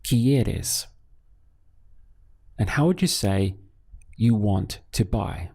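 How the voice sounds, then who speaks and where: Slow, gravelly male Spanish teacher. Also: fairly low pitch, expressive, a little mellow. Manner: slow, patient, pauses for learner answers. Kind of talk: scripted language lesson.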